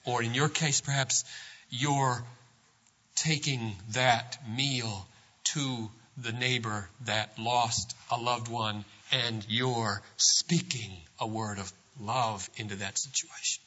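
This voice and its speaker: A male pastor giving a sermon, swinging from quiet, low passages to loud, emphatic preaching. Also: steady tone, slow, dull audio.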